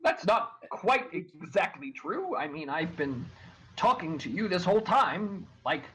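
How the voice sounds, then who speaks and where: A fussy male crow with a husky, high-set voice, stammering through long-winded courtesies, as a man puts him on. He sounds overly formal and self-important, pitched well above an ordinary man's voice, with a breathy rasp running under it. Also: big pitch swings, unhurried, fairly bright tone, heavily acted, rough recording. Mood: pompous.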